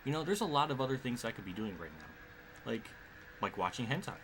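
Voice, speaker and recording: A man's voice: mid-range voice, sing-song, brisk, background noise. Cursing, frustrated racing game streamer man. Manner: frustrated, profane, swearing often at the game; mutters and laughs under his breath. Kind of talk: live gameplay commentary.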